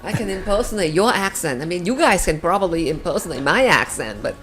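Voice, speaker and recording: A woman with a Vietnamese accent co-hosting a casual chat, self-deprecating and animated. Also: on the low side, a little fast. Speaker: podcast co-host.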